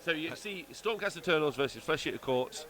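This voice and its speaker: Upbeat bright-voiced male stream host. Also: on the high side, animated, fairly quick. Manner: upbeat, chatty, thanks viewers. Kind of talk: live stream commentary.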